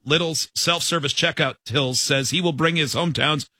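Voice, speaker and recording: Male radio host, bright husky voice, lively pitch, dry studio sound. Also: normal speed, no room sound. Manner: animated, laughs often while reading. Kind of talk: morning radio banter, reading news aloud.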